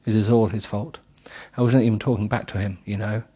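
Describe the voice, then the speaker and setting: A man's voice: on the low side, fairly even intonation, a little fast, warm tone, breathy edge. A middle-aged man reading a book aloud with comic asides, giggling and stumbling over words.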